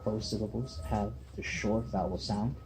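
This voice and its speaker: This student teacher's voice is fairly low and mellow, with fairly even intonation at a normal speed, carrying a faint hiss or hum. He works one-on-one with a reader at a back table in a busy classroom, patiently asking "okay?" and "right?" along the way. Chatter fills the room behind him.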